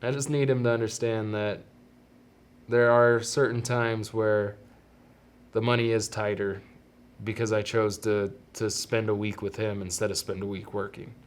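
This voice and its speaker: A man hosting a solo podcast, talking earnestly and haltingly about fatherhood and fear of death, often restarting his sentences. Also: on the low side, little pitch movement. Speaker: podcast host. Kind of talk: reflective solo podcast monologue.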